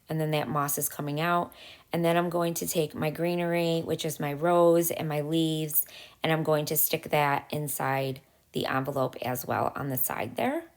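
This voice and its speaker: A woman with a low-pitched voice hosts a craft channel, casually talking viewers through a step-by-step tutorial. She's chatty, with lots of little pauses.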